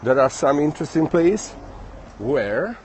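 Italian guy live streaming on his phone while walking around town, friendly and chatty, kinda halting english, a bit of faint street noise. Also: fairly high pitch, sing-song, darkish tone. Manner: friendly, chatty, halting non-native phrasing. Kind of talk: casual live-stream chat, reading viewer comments. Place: outdoors on city streets, walking.

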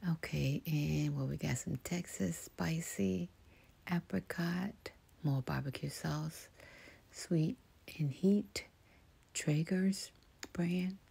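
A woman hosting a soft-spoken ASMR walkthrough of a big store, half-whispering product labels, repeating words and making chatty asides to viewers. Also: low-pitched, gravelly, breathy edge. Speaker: ASMR channel host. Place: large indoor outdoor-goods store.

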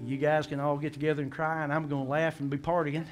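Man, pastor, sermon, animated, somewhat high-pitched, faint background music. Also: fast talker. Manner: animated preaching, acting out scripture voices, asking the congregation.

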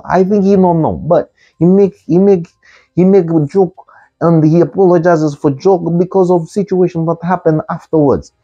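A man with a high, husky voice gives a comic monologue in plain broken English. He keeps repeating the key words, and his tone stays warm and soft. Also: dull audio. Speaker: comic commentator.

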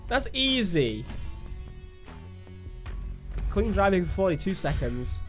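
A man's voice: sits high, sing-song, slow pace. A young man giving chatty, self-mocking commentary while playing a video game. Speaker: gaming YouTuber. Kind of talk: let's-play commentary. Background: game music.

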